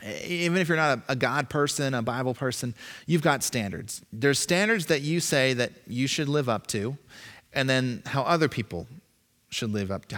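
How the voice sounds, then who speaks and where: A man preaching a sermon in an animated, emphatic way, acting out voices as he goes. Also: mid-range voice. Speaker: pastor. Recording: long reverb, echoey hall.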